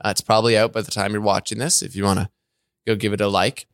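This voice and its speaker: A man hosting a podcast, chatting casually and telling animated stories, often laughing and acting out voices. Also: on the low side, quick pace, smooth, no room sound, studio quality. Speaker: podcast host. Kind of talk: casual chat.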